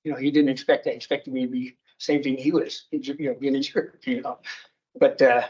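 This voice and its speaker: A man speaking as a guest at a meeting, telling a personal story in a halting, emotional way with many restarts. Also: medium pitch, fairly even intonation, darkish tone, slightly rough. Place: meeting room. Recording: dull lo-fi room recording.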